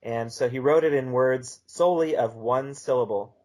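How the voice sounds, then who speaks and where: A man speaking as a guest in a podcast interview, talking in a measured way with many fillers. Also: medium pitch, darkish tone. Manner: measured, reads a text aloud slowly.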